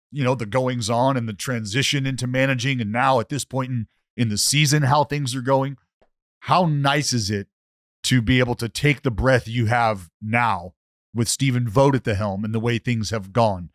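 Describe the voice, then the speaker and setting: A podcast host with a mid-range male voice and a dry, close recording. He strings long questions together with many clauses and asides. The talk is relaxed and conversational. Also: medium pitch, moderate pace, dry recording. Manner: long, winding, wordy questions. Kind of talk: interview questions in casual chat.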